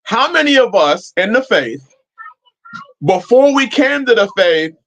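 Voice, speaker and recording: A man's voice: high-pitched, big pitch swings, a little slow, a bit bright. A man hosting a live-chat stream, talking casually and preachily, swearing freely as he answers viewers. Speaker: livestream host.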